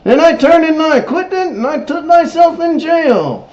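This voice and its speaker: High-voiced excitable man recapping a show. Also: moderate pace. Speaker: host recapping TV episodes. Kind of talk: in-character episode recap. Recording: roomy, dull lo-fi recording.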